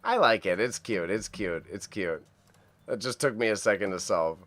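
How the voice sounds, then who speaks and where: At a moderate pace, a man with a lowish, slightly bright voice hosts a casual livestream. He chats upbeat with viewers, reacting to auction items and stumbling over tricky words as he reads their names aloud.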